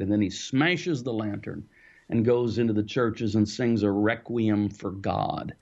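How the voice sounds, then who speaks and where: A man, an author being interviewed, explaining his ideas in a thoughtful, storytelling way with the odd soft laugh. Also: medium pitch, dull audio. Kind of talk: reflective interview answers.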